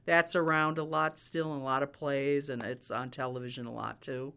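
Smooth-voiced man, an accent coach. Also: medium pitch, steady tone, normal speed, pushed and bright. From United States. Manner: explanatory, enthusiastic about accents. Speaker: actor and dialect coach. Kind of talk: interview answers.

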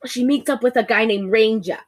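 Woman co-host with a slightly high voice, casual and animated, breaks into exclamations and acted-out lines. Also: a little fast. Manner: animated, exclaims and acts out lines with big pitch jumps. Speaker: podcast co-host. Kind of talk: casual chat recapping a movie.

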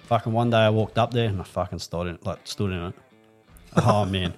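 A man's voice: fairly low pitch, brisk, faint music behind. A man co-hosting a podcast, telling crude stories in a casual, swear-heavy chat. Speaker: podcast co-host.

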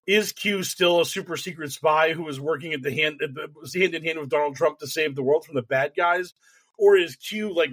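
A man co-hosting a comedic podcast, talking in an animated, sarcastic way with lots of swearing. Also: a little high, gravelly, breathy edge. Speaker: podcast co-host. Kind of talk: casual comedic chat.

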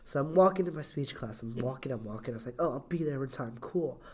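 Young woman with a low voice, relaxed podcast chat, lots of 'like'. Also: fast, husky. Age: young adult. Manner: relaxed, chatty, says 'like' a lot. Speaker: podcast co-host. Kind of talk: casual chat.

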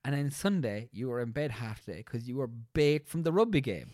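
A man's voice: medium pitch, a little fast, dry recording, studio quality. A young man, a teacher, co-hosting a casual podcast chat and telling rambling stories. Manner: animated, rambling storyteller. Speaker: podcast co-host.

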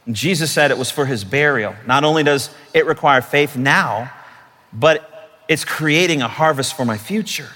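A man preaching a sermon, building to emphatic, drawn-out declarations and then dropping to softer asides. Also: a little high, in a large hall. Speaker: pastor.

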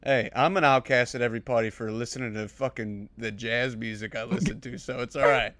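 A man's voice: mid-range voice, fairly even intonation, fairly quick, a bit bright. A young man co-hosting a podcast, joking in a laid-back way and swearing freely. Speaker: podcast co-host. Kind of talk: casual chat.

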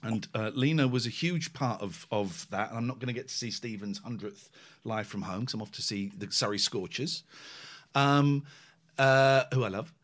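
A man, co-hosting a casual podcast chat and telling an emotional personal story in an animated way. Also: mid-range voice, moderate pace. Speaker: podcast co-host.

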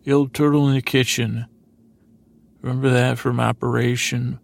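A man's voice: mid-range voice, little pitch movement, normal speed, creaky. A man hosting a podcast, meandering through a sleepy retelling of a TV episode, often correcting himself. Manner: meandering, self-correcting, paraphrases characters loosely. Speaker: podcast host. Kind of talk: rambling sleepy recap of a TV episode.

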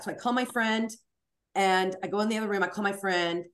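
A woman stand-up comic telling a personal story in a frank, animated way, swearing freely and acting out the voices of the people in it. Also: medium pitch, brisk. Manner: animated, acts out voices and screams in the retelling. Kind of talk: storytelling interview.

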